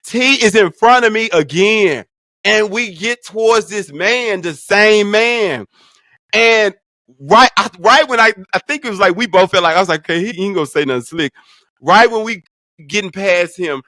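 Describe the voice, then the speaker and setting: A young adult man hosting a casual vlog, telling a story in a profane, animated way. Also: sits high, normal speed, no room sound, clean studio sound. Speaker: vlog host.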